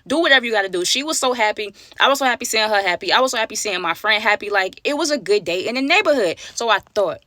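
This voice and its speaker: A woman telling a story time to her viewers, animated and slangy, talking straight to them. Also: mid-range voice, fast talker, hardly any pauses, dry recording. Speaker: storyteller, channel host.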